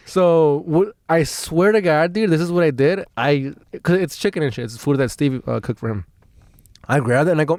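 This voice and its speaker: A man co-hosting a podcast, telling a rambling, profane story in casual chat and jumping up in pitch when he acts out quotes. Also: expressive, moderate pace, darkish tone, no echo. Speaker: podcast co-host.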